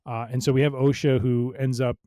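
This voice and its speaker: A man with a smooth, resonant, mid-pitched voice recaps a story casually, full of fillers. His tone stays playful, and the sound is close and dry. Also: little pitch movement, brisk, warm tone, no echo. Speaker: podcast co-host. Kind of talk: casual chat.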